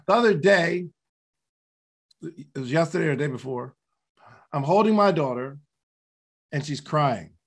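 A man talks through motivational ideas in a relaxed, conversational podcast style, circling back to the same questions. His voice sits a little high and carries a gravelly, fry-edged texture. He sometimes chuckles at himself as he goes. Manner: conversational, laughs at himself, repeats key questions. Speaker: podcast host. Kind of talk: casual motivational talk.

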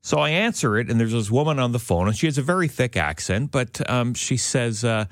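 A man telling an anecdote in casual chat, animated and jumping into high-pitched quotes. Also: fairly quick, dry recording, clean studio sound.

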